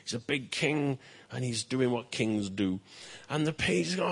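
A male pastor telling a story to children in church, lively, with chatty asides. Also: mid-range voice, measured pace, gravelly, hardly any pauses, breathy edge.

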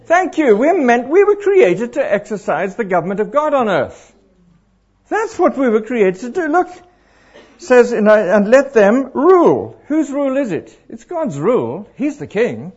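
A middle-aged man preaching to a congregation, animated and throwing questions out to the crowd. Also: very high voice, normal speed, breathy edge. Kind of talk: interactive sermon. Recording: dull lo-fi live recording.

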